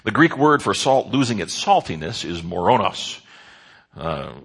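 A man's voice: lowish voice, sing-song, measured pace, vocal fry, a bit bright, husky. A man preaching a sermon in an earnest way, stressing key words with rises and drops. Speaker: pastor.

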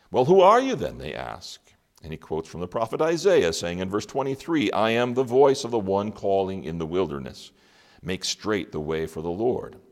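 Deep-voiced man preaching a sermon. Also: a little mellow. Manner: dramatic pauses, rhetorical questions.

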